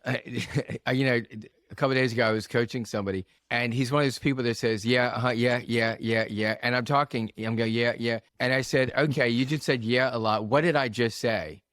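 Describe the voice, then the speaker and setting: A man who coaches, speaking as a podcast guest at a mid pitch. He tells stories in an animated way and acts out what people said. The recording is dry and close. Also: brisk, hardly any pauses, no echo. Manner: storytelling, animated, acts out quotes. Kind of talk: casual podcast conversation.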